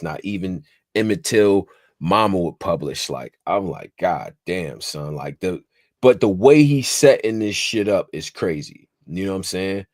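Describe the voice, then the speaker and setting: A man's voice: low voice, no echo, clean studio sound. A man co-hosting a casual podcast, animatedly recapping a rap battle and quoting lines. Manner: animated, repeats phrases, quotes bars. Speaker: podcast co-host.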